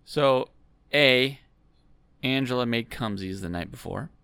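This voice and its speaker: A man with a gravelly, fry-tinged yet clear voice recaps episodes for a podcast. He talks in a wry, sarcastic way and makes crude jokes. The sound is dry and close. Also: medium pitch, expressive, takes it slowly, sharp tone, no room sound. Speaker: podcast co-host. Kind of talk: casual recap chat.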